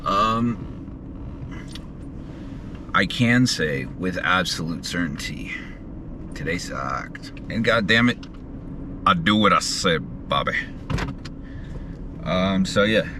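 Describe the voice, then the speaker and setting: A man's voice: low voice, noisy background. A sleep-deprived young man, a vlogger, rambling crudely and with frustration in a video diary.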